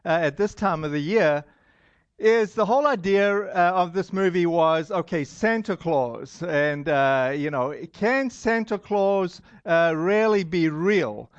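A man's voice: sits high, lively intonation, unhurried, no room sound. A man with a non-American accent preaching a sermon to a congregation in a loose, rambling way, full of fillers and restarts. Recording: dull lo-fi sound.

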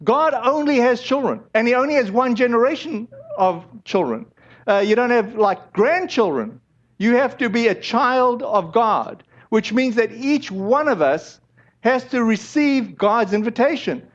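High-voiced male pastor preaching. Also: expressive, measured pace. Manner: conversational, hesitant with restarts and fillers. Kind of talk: sermon. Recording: dull lo-fi recording.

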